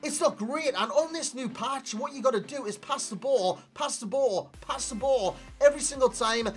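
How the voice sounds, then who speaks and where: A man's voice: very high voice, normal speed, faint music behind. Chatty man reviewing a game. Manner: chatty, animated, addresses viewers as lads. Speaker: gaming YouTuber. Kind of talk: video game player review commentary.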